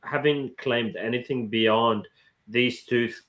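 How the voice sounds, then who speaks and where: A man's voice: mid-range voice, steady tone, slow, fairly bright tone. A man on a podcast, speaking carefully and hesitantly as he asks for clarification. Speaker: podcast co-host. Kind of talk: casual chat.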